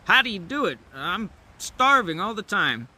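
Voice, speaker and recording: Hungry wild wolf, easygoing and slangy, bright high voice, put on by a man telling a fable. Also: big pitch swings, normal speed, exaggerated voice. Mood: casual. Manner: laid-back, slangy drawl. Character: hungry wild male wolf, free-spirited.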